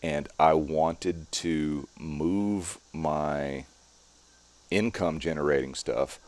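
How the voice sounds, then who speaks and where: A man in his late forties, a strongman performer, explaining calmly and at length in a podcast interview. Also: very deep voice. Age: 40s. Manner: calm, measured, explanatory.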